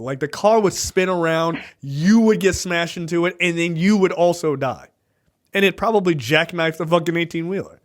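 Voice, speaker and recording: A man's voice: a little high, moderate pace. A man co-hosting a movie review podcast, casually retelling scenes with laughs and acted-out lines. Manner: animated, laughing, acts out film scenes. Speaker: podcast co-host.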